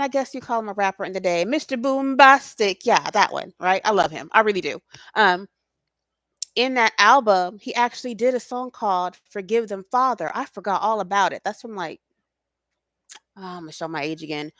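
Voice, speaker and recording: This spiritual reader and host has a medium-pitched, expressive, slightly bright voice and talks at normal speed. Passionate and slangy, she swears freely during her casual talk and keeps checking in with listeners directly by asking "okay?". The recording is dry and studio quality.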